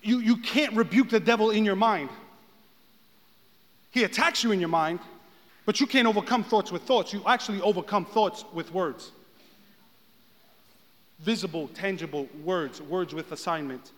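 A man preaching a sermon as pastor, swinging from hushed talk to shouted passages. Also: high voice, normal speed, pauses often. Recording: long hall reverb.

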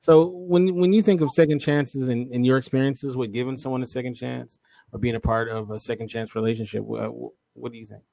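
A man's voice: medium pitch, steady tone, a little fast, gravelly, dark tone, no echo. A man co-hosting a casual talk show, chatting loosely and reading viewer comments aloud, with many fillers and restarts. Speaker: co-host.

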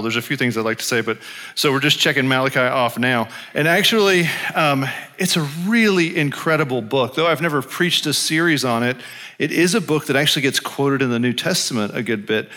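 A man's voice: mid-range voice, bright, forceful tone. A man preaching a conversational sermon as a pastor, telling personal stories and often correcting himself mid-sentence. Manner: conversational, storytelling, many self-corrections.

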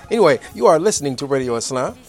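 A man's voice: fairly high pitch, sing-song, racing, darkish tone, faint music behind. A man in his forties hosting a live radio talk show from a studio, chatty, friendly and upbeat as he runs through announcements.

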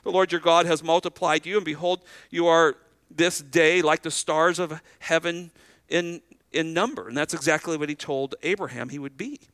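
A man's voice: fairly high pitch, normal speed, a bit bright, no echo. A middle-aged man preaching a sermon as pastor, conversational, asking the congregation rhetorical questions and acting out short exchanges.

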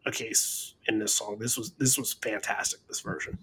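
A man's voice: fairly low pitch, fairly even intonation, moderate pace, bright, forceful tone, husky. Rambling, enthusiastic male podcast host. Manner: rambling, repeats words, enthusiastic. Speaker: podcast host reviewing a concert. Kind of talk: casual music discussion.

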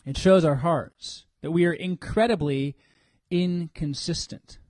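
A man preaching a sermon in an animated way, acting out what people think in church. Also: a little high, unhurried, no room sound. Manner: animated, acts out congregants' inner voices. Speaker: pastor.

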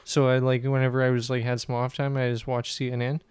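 A man's voice: medium pitch, flat delivery, quick pace, smooth, no echo. A man co-hosting a podcast in casual, profane, rambling chat, laughing often. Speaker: podcast co-host.

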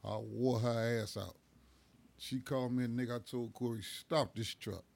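Gravelly-voiced man telling loose stories. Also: medium pitch, fairly even intonation, moderate pace, darkish tone. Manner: loose, profane, laughing storytelling. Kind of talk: casual storytelling chat.

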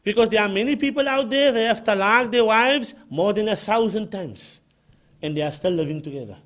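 An Islamic lecturer with a Cape Town South African accent speaks in a high-sitting male voice, a little fast. He delivers an emphatic religious lecture, often repeating his key points.

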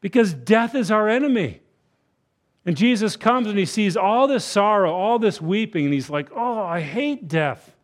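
Man, sermon, fairly high voice, hushed and tender at times, then bellowing, acts out quoted voices. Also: lively intonation, normal speed. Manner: swings from soft, hushed consolation to loud, bellowing emphasis. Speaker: guest preacher. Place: church sanctuary.

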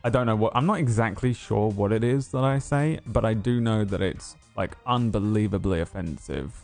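A man with a fairly low, slightly mellow voice and some vocal fry talks at a normal speed, with faint music in the background. He's the game master and host opening a tabletop game stream, and though he feels unwell he rambles and jokes through casual chat full of fillers.

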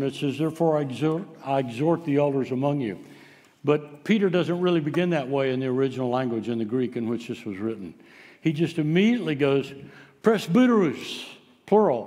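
A man's voice: on the high side, darkish tone, in a large hall. A man preaching a sermon, telling stories in a folksy way with frequent filler sounds. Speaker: pastor.

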